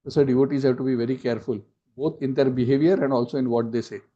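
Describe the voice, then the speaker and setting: A man's voice: mid-range voice, steady tone, fast, dark tone. A man teaching a scripture class, telling the story with acted quotes and asides, on a dull lo-fi recording.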